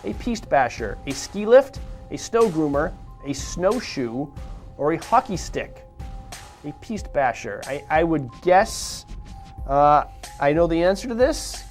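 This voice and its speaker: An upbeat man hosts a live morning show, chatty and given to rambling asides. His voice sits a bit high, and faint music plays underneath. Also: big pitch swings, measured pace.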